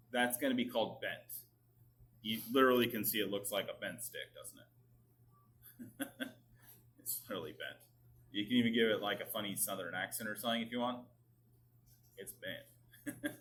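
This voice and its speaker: A male chemistry teacher lecturing a classroom at a medium pitch. He coaxes students with frequent check-ins, and his voice drifts nearer and farther from the microphone as he moves. Faint background noise sits under the recording. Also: fairly bright tone. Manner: coaxing, asks the class to respond often.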